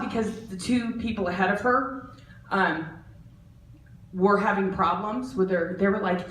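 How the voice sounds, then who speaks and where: A woman in her forties doing a stand-up comedy set, animated and lively, jumping into loud, high voices for the people in her stories. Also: measured pace, long pauses. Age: 40s. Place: art center stage. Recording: roomy, distant, faint background noise.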